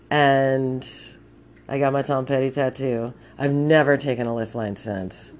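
A woman's voice: rumbling low, steady tone, a little slow, darkish tone. A young woman telling a rambling, profane story in a casual spoken letter.

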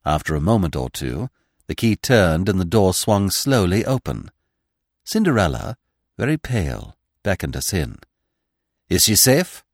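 A man narrating a classic story in measured, scripted audiobook style. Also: low voice, very animated, darkish tone, no echo, studio quality. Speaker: podcast narrator.

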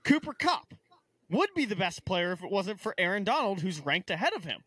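A young man rants through a casual sports chat, exasperated and tripping over his own restarts. His voice sits high and bright, swinging widely in pitch. The sound is dry and close. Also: very animated, a little fast, breathy edge, dry recording. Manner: ranting, exasperated, stammering restarts. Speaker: podcast co-host.

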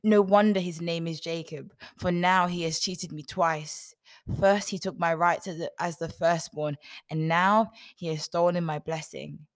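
A woman voicing a desperate grown man, a firstborn son pleading loudly in a raised voice. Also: expressive, slow pace, creaky, breathy edge, heavily acted. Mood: indignant. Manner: loud, pleading, pitched up.

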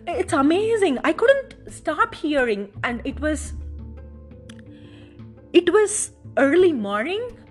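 A woman from India, likely in her thirties, hosting a casual personal podcast. She talks in a gushing, emotional way and keeps saying how amazed she is. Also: mid-range voice. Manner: gushing, emotional, repeats "oh my God". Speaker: podcast host.

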